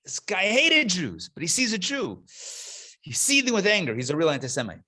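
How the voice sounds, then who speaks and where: Animated rabbi telling jokes to a class. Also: male voice, moderate pace. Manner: animated storyteller, swings into high excited voices for characters. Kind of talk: live lecture with told jokes. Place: classroom streamed to an online call.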